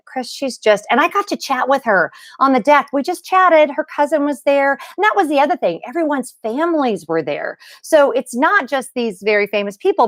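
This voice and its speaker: A woman hosting a casual livestream, chatting excitedly with viewers and rambling, restarting and gushing as she goes. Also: on the low side, dry recording, clean studio sound. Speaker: livestream host.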